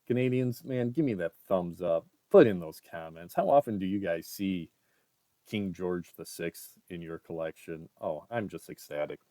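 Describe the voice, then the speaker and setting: A man vlogging a coin roll hunt, reading out dates one by one in a casual murmur and breaking into excited exclamations. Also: low-pitched, normal speed, dry recording. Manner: reads dates aloud one by one, often quietly, with excited exclamations. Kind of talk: casual commentary while sorting coins.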